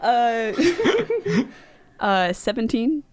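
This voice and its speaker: A woman's voice: on the high side, extremely slow, a little mellow. A woman playing a tabletop game, chatting casually and poking fun at herself. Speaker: player.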